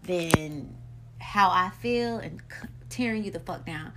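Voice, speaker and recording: A woman hosting her own podcast, talking in a blunt, profane and animated solo monologue about her life. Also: on the low side, slow, heavy background noise. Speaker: podcast host.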